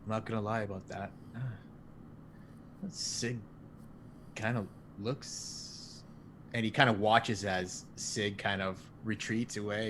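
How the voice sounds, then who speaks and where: A man's voice: on the low side, fairly even intonation, takes it slowly, pauses often, background noise. A man playing a tabletop role-playing game, describing his character in a laid-back, chuckling way. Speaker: player. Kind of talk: tabletop role-play narration.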